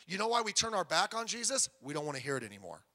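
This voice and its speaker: High-voiced preaching man in a reverberant hall. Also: rapid-fire. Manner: animated preaching with sudden loud emphasis and quiet asides. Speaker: pastor. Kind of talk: sermon. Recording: long reverb of a church hall.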